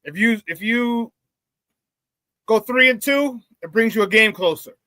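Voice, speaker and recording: A man hosting a live sports talk show, hyped and laughing often as he shouts out viewers in the chat. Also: high-pitched, a little slow, no room sound.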